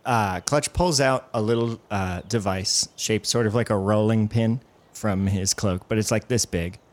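A man at a tabletop game describing his character's actions in a playful, offhand way. His voice sits fairly low. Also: a little slow. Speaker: player.

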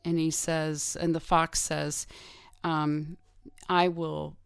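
A woman talking in a relaxed group chat, earnestly retelling favorite passages from a book. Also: low voice, slow pace, smooth, no room sound. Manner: earnest, reflective storyteller. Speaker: participant in a group call. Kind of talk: casual group chat about books.

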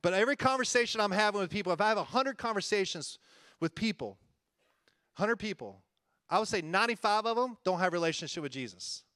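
A man's voice: high voice, expressive, fast, pushed and bright, no echo, studio quality. A man preaching a conversational sermon as a church-planting pastor, earnest and folksy, often chuckling and repeating himself.

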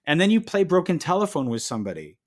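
Male podcast co-host, slightly higher voice, animated exasperated storyteller. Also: quick pace. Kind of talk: casual chat.

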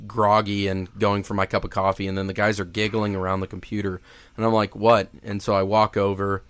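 Laid-back podcast co-host, slightly low voice. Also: male voice, level tone, fairly quick, a bit bright, clean tone. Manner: casual storyteller, heavy on "like". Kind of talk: casual podcast chat.

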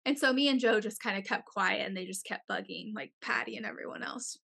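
Bright-voiced young woman telling a story. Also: mid-range voice, fairly quick, vocal fry, slightly rough. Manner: animated, profane storytelling full of "like". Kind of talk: casual chat.

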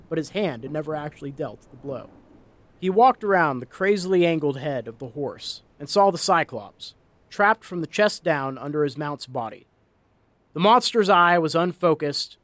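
A man reading a dark fantasy story aloud in a dramatic, expressive storytelling voice. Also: on the high side, a little hiss or hum. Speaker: narrator. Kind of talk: storybook narration.

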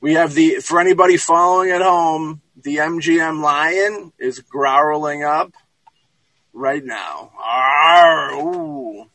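A man's voice: on the high side, unhurried, a bit bright, dry recording, rough recording. A man hosting a podcast, chatting loosely about a film and restarting his sentences often. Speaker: podcast host. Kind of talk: casual film commentary chat.

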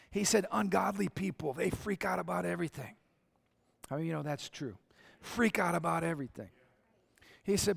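Male pastor, higher voice, lively conversational sermon with acted-out quotes. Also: fairly quick, vocal fry.

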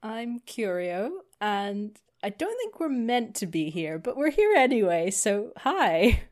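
Woman, tabletop player, wry, dry humor, slow pace. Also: mid-range voice, big pitch swings, a little mellow. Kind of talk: casual tabletop role-play.

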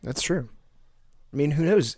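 A man co-hosting a comedy podcast, firing off quick questions and dry jokes. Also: on the high side, animated, a little mellow. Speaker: podcast co-host. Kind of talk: casual comedy podcast banter.

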